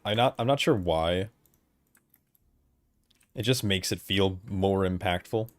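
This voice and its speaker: A man's voice: low-pitched, slow, dry recording. Laid-back man streaming a game. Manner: laid-back, profane, laughs often. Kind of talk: casual gameplay chat.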